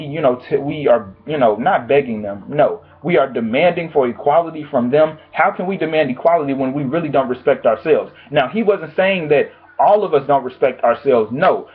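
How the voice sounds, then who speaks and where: A man talks straight to camera from his home, giving blunt, profane opinion commentary with an exasperated edge. His voice sits slightly high and sounds husky. The audio is thin and phone-like. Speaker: vlogger.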